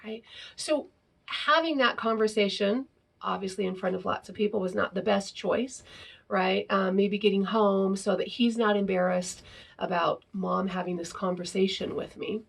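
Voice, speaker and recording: A woman's voice: mid-range voice, steady tone, normal speed, gravelly, husky. A woman explaining parenting ideas in a casual, conversational talk, often ending her points with "right?". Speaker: parenting educator.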